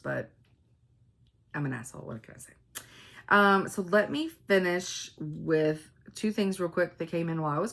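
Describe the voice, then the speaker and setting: A woman chats casually to her viewers about her weekend. Her voice is low and gravelly with vocal fry, and she rambles, fills gaps with ums and acts out what other people said. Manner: rambling, animated quoting of others, frequent ums. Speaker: cross-stitch vlogger. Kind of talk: casual chatty storytelling.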